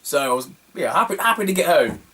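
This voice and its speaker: A man's voice: a little high, big pitch swings, fast, pushed and bright, husky, distant mic. Rambling man. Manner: rambling, self-mocking, laughs at his own stories. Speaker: retro game collector vlogger. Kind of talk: casual storytelling.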